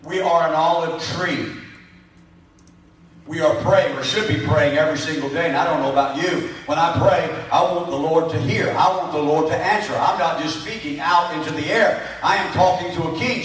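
A high-pitched male pastor preaching with repeated phrases and shouted peaks of emphasis. His voice rings through a very echoey sanctuary. The pulpit mic sits some distance from him. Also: moderate pace. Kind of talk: sermon. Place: church sanctuary.

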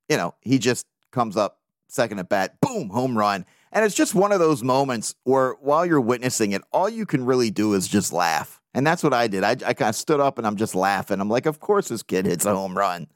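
Male podcast host, animated fan, profane and lively, dry booth sound. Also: medium pitch, no room sound. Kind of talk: casual sports podcast talk.

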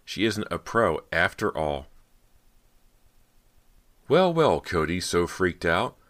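A man's voice: low-pitched, big pitch swings, slow pace, fairly bright tone, heavily acted. A man voicing a catty young actress rival in an audiobook, with a sneering, mocking delivery. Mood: gloating.

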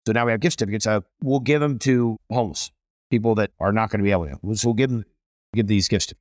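A man's voice: fairly low pitch, quick pace, darkish tone, no room sound, clean studio sound. A middle-aged man, a celebrity chef guest, telling stories with energy and emphasis in a casual conversation.

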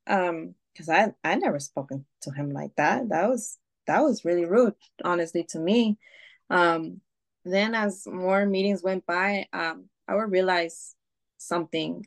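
A woman guest on a podcast, telling a personal story candidly, with swearing, fillers and restarts. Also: lowish voice. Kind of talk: casual storytelling.

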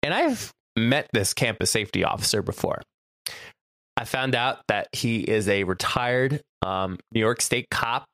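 A man's voice: mid-range voice, a little slow, no room sound. Guy telling a story on a podcast, voice jumps all over, dry close sound. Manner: animated, acts out quoted voices. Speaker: podcast co-host, campus photographer. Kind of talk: casual storytelling chat.

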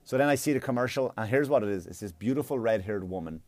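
A man doing a stand-up comedy routine, profane and rambling, with loud mocking outbursts. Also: fairly low pitch, expressive, quick pace, no echo. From Ireland.

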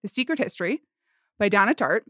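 A woman co-hosting a casual film podcast, talking in a chatty, halting way with many restarts. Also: medium pitch, expressive, pushed and bright, dry recording, studio quality. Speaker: podcast co-host. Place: at a film festival.

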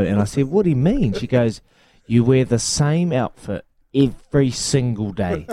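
A man's voice: mid-range voice, expressive, normal speed, dark tone. A man with a New Zealand accent co-hosting, teasing his mates and telling home anecdotes. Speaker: radio show co-host. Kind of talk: casual banter.

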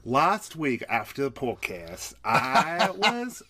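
A man's voice: high-pitched, big pitch swings, takes it slowly, noisy background, voice pushed up, exaggerated voice. A podcast host voicing a man with a jokey put-on British accent, hammy and giggling as he tells a gag. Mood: playful. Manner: hammy, giggling through the bit.

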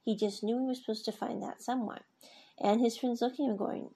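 A woman with a gravelly, husky voice talks casually through scenes from a drama series. Her tone stays mellow and dark as she retells what the characters say, with plenty of fillers along the way. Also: on the high side, fairly even intonation, brisk. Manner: chatty, retells scenes with quoted lines, frequent fillers. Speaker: series reviewer.

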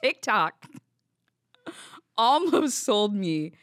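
A woman's voice: mid-range voice, big pitch swings, drawn-out words, dry recording, clean studio sound. A young woman hosting a podcast, telling a story in casual chat, laughing and swearing as she goes. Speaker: podcast host.

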